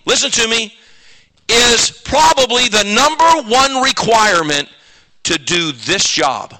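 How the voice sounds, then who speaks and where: Man, pastor, high voice, very bright and forceful tone, lively self-mocking sermon. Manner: animated, self-mocking storytelling with sudden shouts.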